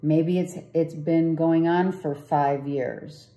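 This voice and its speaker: Lady doing a tarot reading, slow and rambly, super mellow dark voice, echoey room. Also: deep voice, steady tone. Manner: rambling, repeats herself, asks "right?". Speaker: tarot reader.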